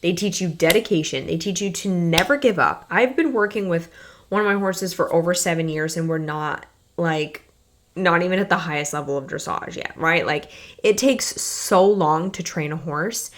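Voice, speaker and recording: Young female podcast host, slightly low voice, earnest and open, chatty with lots of fillers. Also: moderate pace. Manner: candid, emotional, earnest, with fillers like "like" and "you guys". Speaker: podcast host and health coach. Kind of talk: personal podcast monologue.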